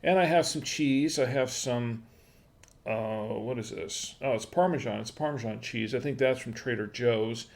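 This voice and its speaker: A man's voice: medium pitch, normal speed, gravelly. A man hosting a casual wine-tasting livestream from home, rambling with lots of fillers and restarts, friendly and chatty with his viewers. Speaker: wine review livestream host. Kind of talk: casual live-stream chat.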